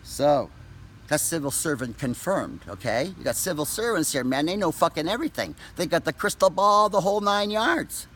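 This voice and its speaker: A man ranting angrily to camera, profane and accusatory, shouting at times. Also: fairly high pitch, expressive, moderate pace. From Canada. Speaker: vlogger. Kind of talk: angry direct-to-camera rant.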